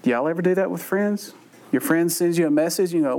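A man's voice: on the high side, fast talker, a little mellow. A middle-aged man leading a Bible study, joking and chatting with the group. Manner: joking, conversational, self-deprecating asides. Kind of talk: humorous Bible study talk.

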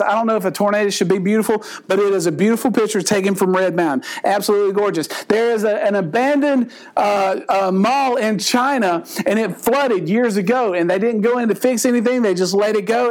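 A middle-aged man giving a comedic youth sermon, acting out voices and laughing often. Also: sits high. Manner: animated storyteller, acts out voices, laughs often.

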